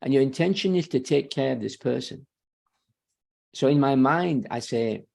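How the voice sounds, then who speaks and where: Confident male sales trainer with a gravelly, mid-pitched voice, emphatic and quick to correct himself. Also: darkish tone. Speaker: real estate sales trainer. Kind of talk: guest talk on a sales webinar.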